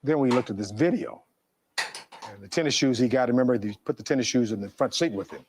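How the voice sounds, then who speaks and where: Male defense attorney, middle-aged; oratorical courtroom delivery, reads testimony, average pitch. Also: fairly quick, darkish tone, slight background noise. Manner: oratorical, reads testimony aloud, rhetorical questions. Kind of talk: courtroom closing argument.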